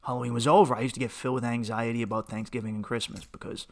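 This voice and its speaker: A man's voice: medium pitch, flat delivery, rapid-fire, vocal fry. A young man, hosting a podcast as a candid personal monologue, profane and impassioned, with restarts and rising outbursts. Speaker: podcast host.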